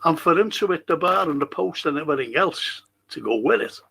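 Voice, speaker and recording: A man's voice: a little high, expressive, brisk, creaky, hardly any pauses, pushed and bright, slightly rough. A man joining a football fan live chat, arguing his point and mocking the opinions of others. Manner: argumentative, mocks others' opinions.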